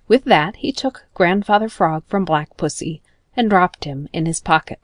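A woman reads a children's storybook aloud in a gentle, expressive way. Her voice is on the low side for a woman. The recording is dry and close. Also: moderate pace, no echo. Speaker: narrator. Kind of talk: storybook narration.

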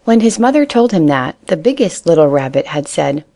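A woman reading a children's animal story aloud in a calm, even way. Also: sits low, fairly quick, few pauses.

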